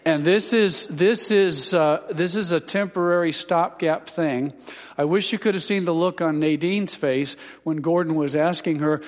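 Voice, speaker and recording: A man's voice: fairly high pitch, measured pace. A man, a Baptist pastor, giving rambling, homespun church announcements to his congregation, with lots of fillers and dry humorous asides. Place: large church sanctuary. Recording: long reverb of a church hall.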